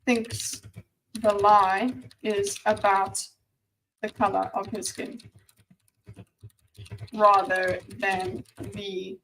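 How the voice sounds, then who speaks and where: A woman giving casual reaction commentary on a discussion video, chatty and animated, often stammering and restarting, sometimes dropping to a near-whisper. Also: medium pitch, a little hiss or hum.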